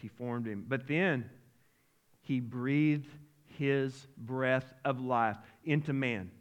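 A man preaching a sermon as pastor, with a folksy, animated, emotional delivery full of restarts. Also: mid-range voice. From Arkansas-Oklahoma region.

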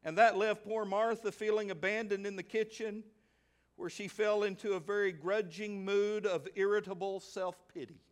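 A man in middle age preaches, and his voice sits high. He is animated, throws questions at the congregation, and slips into the voices of the people in the story. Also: moderate pace. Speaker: pastor. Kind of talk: sermon.

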